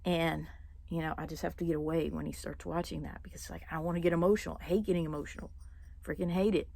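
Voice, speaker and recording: A young woman vlogging casually, rambling with many fillers and restarts and clearing her throat now and then. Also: deep voice, steady tone, fast talker, a little mellow. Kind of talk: casual personal monologue.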